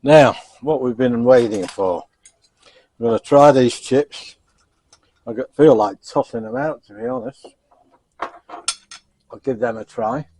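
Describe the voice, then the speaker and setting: A man's voice: mid-range voice, sing-song, takes it slowly, vocal fry, long pauses, a little mellow. A man chatting casually in a home cooking vlog, self-mocking and chuckling as he tries his food. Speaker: cooking vlogger.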